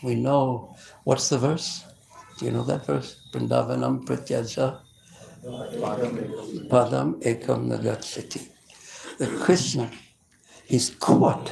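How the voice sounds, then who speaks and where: A male preacher telling devotional stories in a lively sermon, often stopping and restarting his sentences. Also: mid-range voice, creaky, a little hiss or hum, rough recording. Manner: animated, with frequent restarts.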